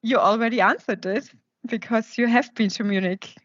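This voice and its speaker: A young woman with a German accent, hosting an interview in her second language. She laughs easily and asks her questions a little haltingly, in a slightly high voice. The sound is dry and slightly lo-fi. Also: no room sound. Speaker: host, interviewer. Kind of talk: casual interview. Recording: dry, slightly dull lo-fi audio.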